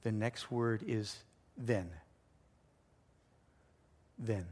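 A man preaching a sermon, telling a story with lively delivery, sometimes dropping to a hushed voice for emphasis. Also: mid-range voice, moderate pace. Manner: animated storytelling, acts out voices and sounds. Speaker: pastor.

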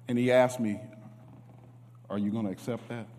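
A man preaching a sermon, emotional, moving from hushed tones to shouts. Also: medium pitch, steady tone, moderate pace, noisy background. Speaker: guest preacher. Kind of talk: sermon with testimony. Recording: reverberant church hall.

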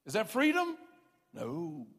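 A man delivers an emphatic, folksy sermon, often self-deprecating. His voice sits on the higher side. A long reverb from a big hall trails his words. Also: huge pitch swings, slow pace, fairly bright tone, breathy edge. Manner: folksy, self-deprecating, emphatic preaching with repeated "I'm telling you". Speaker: pastor.

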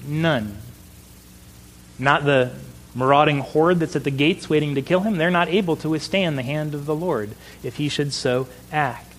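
A middle-aged man preaching a sermon in an earnest voice, slowing down for emphasis. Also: fairly high pitch, a little hiss or hum, poor audio. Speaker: pastor.

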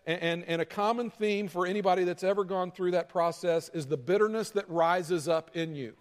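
A man's voice: sits high, normal speed. A man preaching a sermon as pastor, talking in a conversational way and acting out quarrels between people. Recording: hall reverb.

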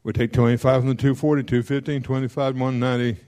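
Man, folksy money lecture, mellow dark voice, checks in with class, quick strings of numbers. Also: medium pitch, level tone. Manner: folksy, checks in often with the audience; rattles off figures quickly. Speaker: financial counselor teaching a class. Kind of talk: classroom lecture on debt repayment.

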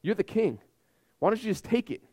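A man's voice: sits high, lively intonation, fairly quick, mellow, voice pushed up. A man playing a coaxing cruel queen. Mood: goading. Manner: coaxing, goading. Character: scheming cruel queen goading her husband.

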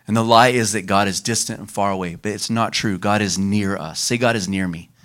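A man preaching a sermon as pastor, leading the congregation in call-and-response and slowing down for emphasis. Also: fairly low pitch, steady tone, fairly bright tone. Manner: leads the congregation in call-and-response, varies his pace for emphasis.

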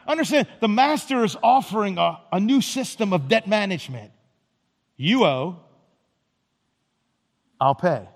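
A man's voice: sits high, a bit bright. A man pastor preaching a sermon with an emphatic, repetitive cadence, in a church sanctuary. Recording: reverberant church hall.

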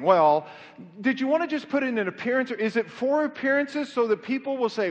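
Middle-aged pastor, high voice, mixing jokes with urgent preaching in a reverberant church; sound a bit muffled. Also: male voice, expressive, brisk. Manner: conversational preaching with self-deprecating humor, rising to fervent emphasis. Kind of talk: sermon. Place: church sanctuary.

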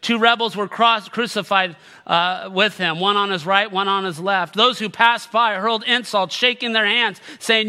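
A man preaching a sermon, reading scripture aloud and swinging from loud, rising exhortation to a hushed, slow close. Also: high-pitched, fairly even intonation, clear, resonant tone. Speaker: pastor.

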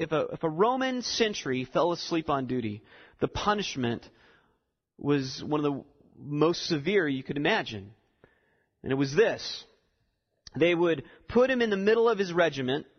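A man's voice: a little high, highs cut off. Man, preacher, sermon, emphatic, rising repetitions, long hall reverb. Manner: emphatic, building to repeated insistent lines.

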